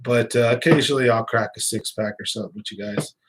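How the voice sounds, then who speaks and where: A man's voice: on the low side, steady tone, fast, fairly bright tone. A young man hosting a fishing channel live stream, chatting casually and rambling with viewers, a little stuffed up from sinus trouble, laughing often. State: slightly congested with sinus trouble.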